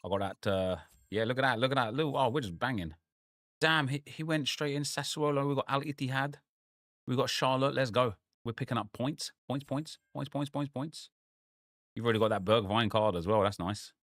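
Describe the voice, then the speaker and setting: A man's voice: mid-range voice, brisk, no room sound, studio quality. A man, casually commenting on his football game while chatting with viewers. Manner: relaxed, chatty, reacting to the match and to viewers. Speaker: gaming streamer. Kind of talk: casual live gameplay commentary.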